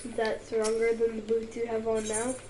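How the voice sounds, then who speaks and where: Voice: mid-range voice, monotone, moderate pace, warm tone, reverberant, a little hiss or hum. A player chatting in a goofy, playful way while gaming with a friend. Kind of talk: casual gaming chat.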